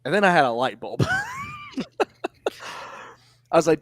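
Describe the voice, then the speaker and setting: A man's voice: fairly high pitch, expressive, a little slow, long pauses, dry recording, shouting, studio quality. A young man, a wrestling commentator, telling a story in casual podcast chat, acting out quotes and laughing often.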